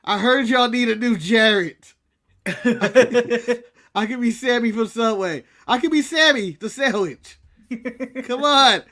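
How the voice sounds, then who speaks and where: A man's voice: very high voice, slow pace, bright, forceful tone, exaggerated voice. A man mimicking a whiny 1940s-style gangster guy. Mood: mocking. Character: whiny fake-sounding young male wrestler, old-time gangster cadence.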